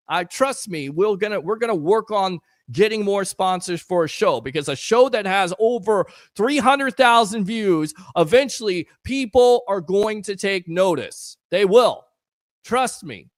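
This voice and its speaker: A man's voice: high voice, lively intonation, unhurried, dry recording, clean studio sound. A man hosting a live sports talk stream, talking in an earnest, emotional, rambling way while hyping up his audience. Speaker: sports talk show host.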